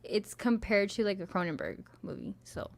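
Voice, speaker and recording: Young woman co-hosting a chatty podcast, swears a lot and acts out what people said, voice sits in a middle pitch, loose storytelling. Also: sing-song, normal speed, vocal fry. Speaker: podcast co-host. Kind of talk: casual chat.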